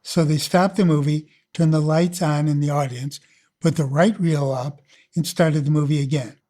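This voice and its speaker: A man narrating his own memories for an audiobook in a relaxed, unhurried way. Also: on the high side. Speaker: filmmaker. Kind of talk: oral-history audiobook narration.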